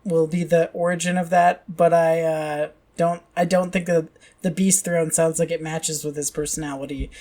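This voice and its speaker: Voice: medium pitch, flat delivery, moderate pace, warm tone. A co-host on a casual book podcast, stumbling and restarting before making a point. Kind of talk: casual book-club chat.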